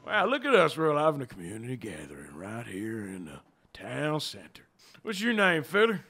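Arthur Morgan, a gravelly outlaw drawl, as a man puts him on. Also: medium pitch, huge pitch swings, fairly quick, a bit bright, full character voice. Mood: gruff drawl. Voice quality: gravelly drawl, old-west slang. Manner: teasing, needling other players. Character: gruff frontier outlaw man, cowboy drawl. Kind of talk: in-game voice chat role-play.

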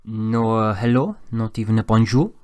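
A man's voice: normal speed, a little mellow, dry recording, close to an everyday voice. Man doing a suave French charmer. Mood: flirtatious. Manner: smooth, teasing, deep vowels.

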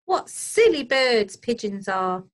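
A woman's voice: on the high side, very animated, slow, voice pushed up, heavily acted. A woman voicing a boastful, smug male jackdaw who caws and crows while reading a storybook to children. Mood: scornful. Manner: smug, crowing, squawky.

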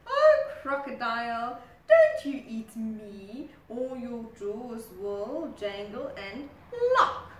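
A woman voicing a sly storybook elephant in a slow, half-whispered, breathy manner, recorded in a roomy space from a distant mic. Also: fairly high pitch, big pitch swings.

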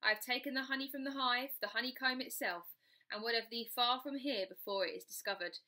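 A woman's voice: on the high side, fairly quick, sharp tone, voice pushed up. A woman voicing a mysterious, reassuring male ghost cousin who speaks in courtly, archaic phrases, in a storybook reading.

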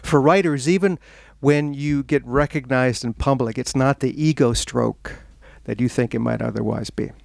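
Here a man from the United States, an author, spins comic stories for a bookstore crowd, animatedly imitating the people he describes and cracking jokes at his own expense. His voice is medium in pitch with vocal fry, delivered at an ordinary pace with hardly a pause, and captured dry.

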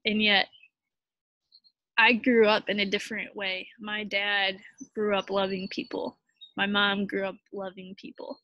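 A young woman telling a personal story in a halting, heartfelt way, full of fillers and restarts, sounding tired. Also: mid-range voice, level tone, dry recording, dull audio. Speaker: vlogger.

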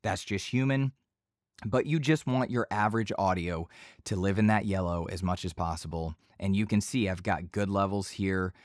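Man, lowish voice, voice-over teacher, chatty and loose, dead-dry home booth. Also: normal speed, dry recording. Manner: relaxed, talkative, repeats himself with fillers. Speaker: voice-over instructor. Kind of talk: casual tutorial explanation. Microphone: studio microphone.

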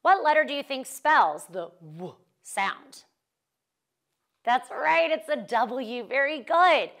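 A young woman who teaches first grade, leading a children's phonics lesson with slow, clear and encouraging talk. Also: high voice, lively intonation, fairly bright tone.

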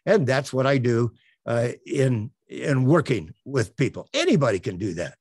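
An older man coaching on elevator pitches in an online presentation, earnest and promotional, with many uhs. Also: very animated, normal speed, a little mellow, husky, dry recording. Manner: filler-heavy, earnest, promotional. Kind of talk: webinar presentation. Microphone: webcam on a tripod.

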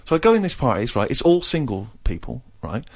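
A man's voice: mid-range voice, sing-song, fast, husky. A man in his thirties, co-hosting a radio podcast and telling a comic anecdote, acting out other people's lines. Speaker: co-host.

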